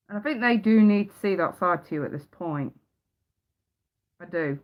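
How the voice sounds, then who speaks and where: Blunt, sweary tarot reader. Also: female voice, medium pitch, normal speed. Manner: blunt, heavy swearing, emphatic repetition. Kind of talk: live-streamed tarot reading. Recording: dull lo-fi sound.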